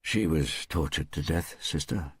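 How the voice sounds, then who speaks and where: A man voicing a weary, shrewd male police captain who speaks in a measured, quietly ironic way. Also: rumbling low, husky, no echo, clean studio sound, heavily acted.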